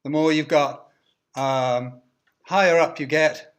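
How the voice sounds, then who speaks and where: A man's voice: a little high, steady tone, slow, roomy sound. A man in his seventies with an English received pronunciation accent, giving a classroom lecture and often checking in with "okay?". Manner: checks in with "okay?", slips in foreign words. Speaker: university lecturer.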